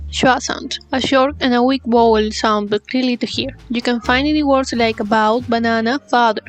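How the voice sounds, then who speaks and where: A woman's voice: on the high side, fairly even intonation, moderate pace, few pauses. A woman whose first language is Spanish, reading a scripted English lesson and carefully reading out paired example sentences. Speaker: English teacher.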